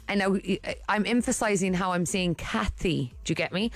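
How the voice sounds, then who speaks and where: A woman's voice: medium pitch, normal speed, hardly any pauses, no room sound. A woman co-hosting a morning radio show, telling a rambling story in casual chat with lots of restarts. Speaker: radio co-host. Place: radio studio. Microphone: studio microphone.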